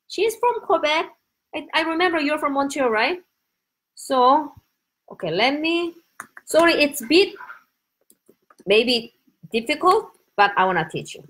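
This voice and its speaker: Excitable Korean-accented woman teaching live. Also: high voice, a little slow, long pauses. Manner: excitable, laughing, chatty and spontaneous. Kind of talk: casual live-stream lesson.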